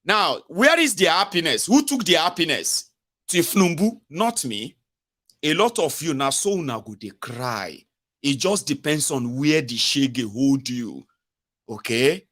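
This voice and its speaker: A man's voice: fairly high pitch, very animated, a little slow, fairly bright tone. A man with a Nigerian accent giving a mocking, emphatic political commentary, switching between Pidgin and English.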